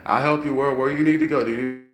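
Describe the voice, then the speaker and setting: A man voicing a kind man who gently coaxes a stranger to get up. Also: mid-range voice, fairly even intonation, quick pace, pitched above the performer's own voice, lightly acted. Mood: coaxing. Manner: gentle, coaxing, affectionate. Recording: roomy, faint background noise.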